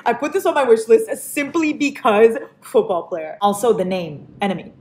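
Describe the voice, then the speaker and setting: A young woman chatting casually to her viewers as a book vlogger, gushing, excitable and playful. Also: on the high side, normal speed, slight background noise. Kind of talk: casual chat unboxing book mail.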